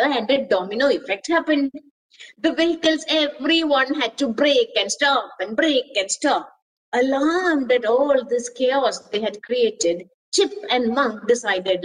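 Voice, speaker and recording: A woman reads a children's story aloud, expressive and stopping to question her listeners. Her voice is high and her pace unhurried. She sounds a little away from the mic. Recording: voice distant from mic.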